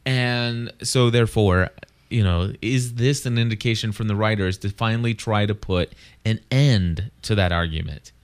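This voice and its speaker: A man's voice: lowish voice, normal speed, clean tone. A man hosting a podcast, chatting casually and rambling with many restarts and fillers. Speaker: podcast host. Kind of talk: casual chat.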